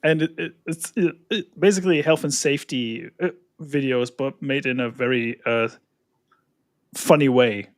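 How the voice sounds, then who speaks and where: A man on a casual podcast panel, talking haltingly with many restarts. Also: mid-range voice, steady tone, no echo. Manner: halting, full of restarts and fillers. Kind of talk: casual chat.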